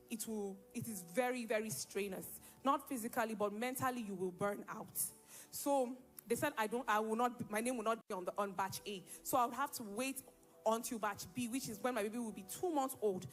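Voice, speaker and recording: A young woman gives a spoken church testimony, telling her story in a lively way and acting out the lines of the people in it. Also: fairly high pitch. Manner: lively storytelling, acts out quoted dialogue. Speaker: church member giving testimony.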